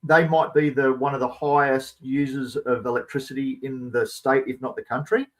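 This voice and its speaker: An Australian man joins the chat as a guest. He talks in a relaxed, unhurried way and often stops and starts mid-thought. His pitch sits in an ordinary middle range. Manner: laid-back, hesitant, trails off with ums. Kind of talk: casual chat.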